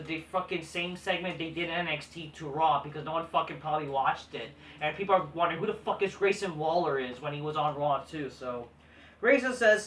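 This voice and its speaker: A man's voice: fairly high pitch, a bit bright, distant mic. A man hosting a casual recap show, talking in a blunt, profane, dismissive way. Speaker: host. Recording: echoey room, voice set back from mic.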